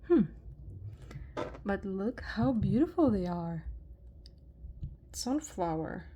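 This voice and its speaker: A woman with a Russian accent, unboxing thrifted jewelry in a soft-spoken vlog, slow and marveling at each find. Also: medium pitch, animated, a little hiss or hum. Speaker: jewelry reseller vlogger.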